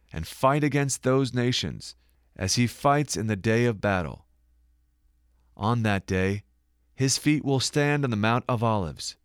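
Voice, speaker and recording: Man, scripted Bible narration, animated pitch, dry close sound. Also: dry recording. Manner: dramatic scripture reading with quieter verse citations. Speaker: Bible teacher.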